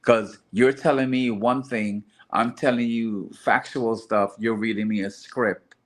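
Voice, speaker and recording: A man's voice: medium pitch, fairly even intonation, measured pace. A man in casual group chat, earnestly explaining his views and restarting phrases as he thinks.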